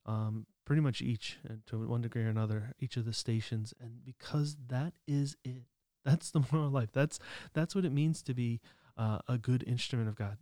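A man co-hosting a faith podcast reflects aloud in a loose, conversational way. He stops and restarts often, fills pauses, and chuckles to himself. His voice sits at a middle pitch, recorded close and dry with no room sound. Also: warm tone, no echo. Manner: conversational, many restarts and fillers, chuckling asides. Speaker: podcast co-host. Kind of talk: casual reflective commentary.

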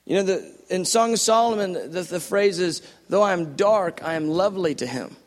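A middle-aged man preaching a sermon, impassioned, building to loud repeated phrases and then dropping to a hush. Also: high voice, lively intonation, normal speed, in a large hall.

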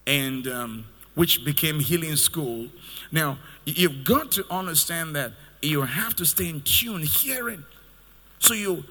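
Man, pastor, sermon, high forceful voice, sing-song preaching, long hall reverb.

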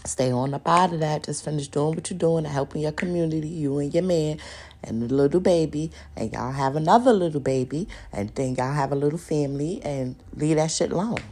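A woman's voice: low-pitched, fairly quick, a little mellow, slight background noise. A young adult woman hosting a solo podcast, ranting in a profane, confrontational way and repeating lines for emphasis. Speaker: podcast host.

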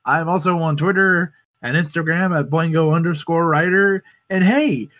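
A man on a casual podcast, plugging his channels in a deadpan, goofy way. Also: fairly high pitch, normal speed, few pauses. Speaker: podcast guest.

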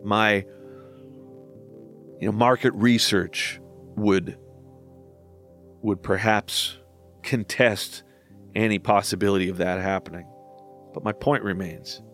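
Candid man in his forties, low-pitched. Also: fairly even intonation, slow, pauses often, a bit bright, faint music behind. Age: 40s. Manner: candid and self-deprecating, swearing casually, laughing at himself. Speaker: musician talking through his own albums. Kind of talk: reflective podcast monologue.

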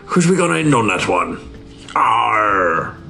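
A man putting on a growling pirate accent with shouted cries. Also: on the low side, very animated, takes it slowly, creaky, music in the background, full character voice. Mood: gruff. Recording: echoey room, from off mic.

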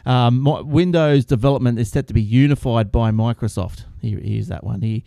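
A rambling man hosts a casual tech show, his voice mellow and darkish. The sound is dry and close, with little room to it. He restarts sentences often and laughs along as he goes. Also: medium pitch, normal speed, creaky, no echo. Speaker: podcast host.

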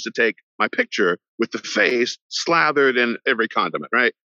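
A middle-aged man, an actor guest on a podcast, telling a long story in an animated way and acting out the voices of the people in it. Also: medium pitch, moderate pace, creaky, dry recording. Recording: dull lo-fi sound, dry.

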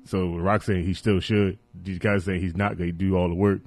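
A young man co-hosting a podcast, telling profane stories about celebrity gossip and laughing loudly. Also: low voice, little pitch movement, a little fast, creaky, no echo. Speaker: podcast co-host. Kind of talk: crude casual banter.

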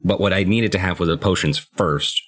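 A young man with a very low voice in relaxed podcast chat about a game. He talks through strategy in long, rambling sentences. His delivery is easygoing and conversational. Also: a little fast. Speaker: podcast co-host.

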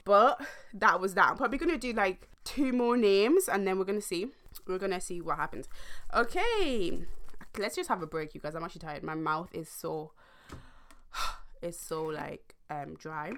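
A woman's voice: lowish voice, normal speed. Slangy young woman telling a story. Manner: animated, slangy, rambling with many fillers. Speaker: vlogger. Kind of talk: casual storytime monologue.

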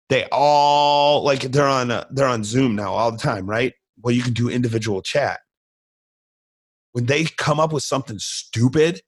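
Middle-aged male coach, mid-pitched voice, blunt and repetitive, plain motivational host. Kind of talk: motivational casual talk.

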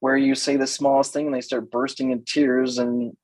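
A man's voice: medium pitch, flat delivery, normal speed, a little mellow, dry recording, low-quality recording. An older man coaching women in a playful talk, often mimicking other people's voices. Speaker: relationship coach.

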